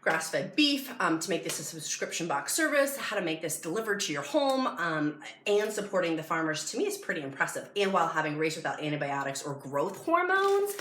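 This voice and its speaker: A woman with a fairly low voice gushes excitedly through a casual unboxing at home. The room rings with echo, and a steady hiss of noise sits under her voice. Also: fairly quick. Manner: gushing and excitable. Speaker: product review vlogger. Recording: echoey room with background noise.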